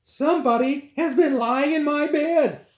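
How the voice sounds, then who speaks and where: Prim mother bear, high falsetto, played by a man, roomy echo. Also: unhurried. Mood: fussy.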